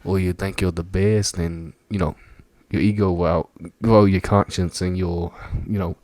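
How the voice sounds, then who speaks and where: Very deep-voiced man, rambling casually. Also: flat delivery, measured pace, a little mellow, dry recording, studio quality. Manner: rambling, many fillers, laughs often. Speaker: video reactor. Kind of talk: casual reaction commentary.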